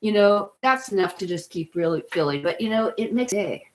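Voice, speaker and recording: A woman's voice: medium pitch, lively intonation, brisk. Middle-aged woman host, casual wellness chat, upbeat and rambling, mid-range voice. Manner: chatty, enthusiastic, rambling with frequent "you know" and "right?".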